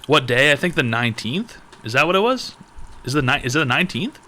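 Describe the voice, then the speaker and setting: Young guy streamer ranting and swearing about stuff, bright sharp voice. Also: mid-range voice, sing-song, quick pace. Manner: profane, ranting, sarcastic. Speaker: streamer advice show host. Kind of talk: casual live-stream chat reading donations.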